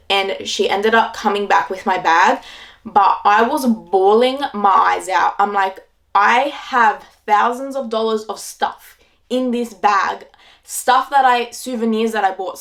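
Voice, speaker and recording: A woman in her twenties with an Australian accent, casually retelling her trip to camera in a chatty way, full of "like"s. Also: mid-range voice. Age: 20s. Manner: chatty, filler-heavy retelling with many "like"s. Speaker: travel vlogger.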